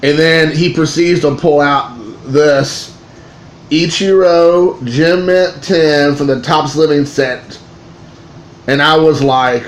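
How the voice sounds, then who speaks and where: A man, a father in his thirties, telling a card-collecting story in a rambling, excitable way with many restarts. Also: fairly high pitch, slow. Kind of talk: casual storytelling to camera. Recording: echoey room with faint ambient noise.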